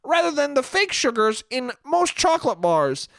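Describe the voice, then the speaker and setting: A man putting on a high, whiny voice for a smug, nerdy boy who lectures others. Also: very animated, moderate pace, fairly bright tone, no echo, exaggerated voice. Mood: preachy.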